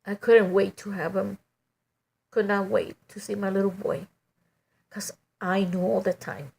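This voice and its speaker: A middle-aged woman giving a halting, emotional personal testimony, full of "you know" and restarts. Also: mid-range voice, flat delivery, vocal fry, darkish tone, slight background noise.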